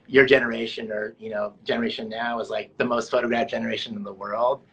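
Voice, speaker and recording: A man interviewing a guest, asking casual, halting questions full of fillers. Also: medium pitch, little pitch movement, a bit bright, husky, rough recording. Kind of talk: conversational interview.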